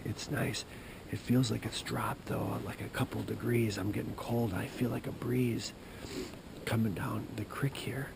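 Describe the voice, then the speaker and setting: A man hosting an outdoor show, telling a rambling story to the camera beside a creek. He drops to a whisper at times and grows loud and animated while retelling a phone call. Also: medium pitch, normal speed, gravelly, background noise.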